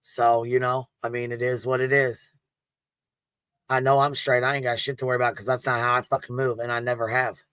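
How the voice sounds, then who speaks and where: Man panel guest, steady flat delivery with a smooth voice, swearing freely and cutting people down. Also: medium pitch, a little fast, no room sound. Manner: blunt, profane, combative. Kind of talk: heated livestream commentary.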